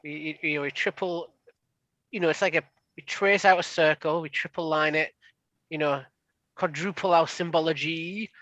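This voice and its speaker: A man's voice: fairly high pitch, steady tone, normal speed, fairly bright tone, no room sound, lo-fi sound. A man playing in a tabletop game, describing his character's ritual theatrically with stumbling restarts. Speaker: player.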